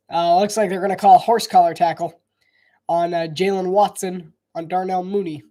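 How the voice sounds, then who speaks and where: A man's voice: high-pitched, fairly even intonation, measured pace, pauses often, a little mellow. A man calling a football game live in a casual, chatty way, thinking aloud and hedging with frequent restarts. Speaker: live sports commentator. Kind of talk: casual live play-by-play commentary.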